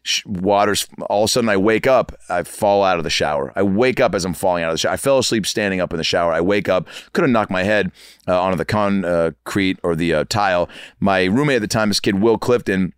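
A man in his thirties telling comic stories as a podcast guest, animated and acting out the people in them. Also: low-pitched, quick pace, clean tone, no echo, clean studio sound. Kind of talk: comic storytelling. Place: podcast studio.

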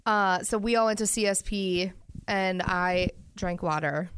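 A woman's voice: medium pitch, unhurried, a bit bright, a little hiss or hum. A young woman co-hosting a podcast, telling weekend stories in casual chat with lots of "like" and "um". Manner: chatty storyteller, lots of "like" and "um"; talks with her mouth full at times. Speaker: podcast co-host.

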